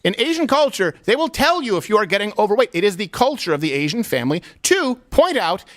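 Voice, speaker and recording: Male talk show host, high voice, very animated pitch, mocking, excitable. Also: fast. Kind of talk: opinionated studio talk show.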